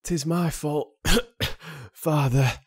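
A man's voice: on the high side, unhurried, a little mellow, slightly rough, voice pushed up. A man voicing a frail, sickly young man who sounds weak, breathless and shaky. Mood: pleading, defiant.

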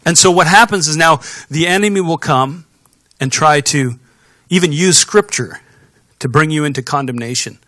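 A man preaching a sermon as pastor, telling stories in an animated way with sound effects and voiced characters. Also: on the high side, moderate pace, no echo, clean studio sound. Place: church sanctuary.

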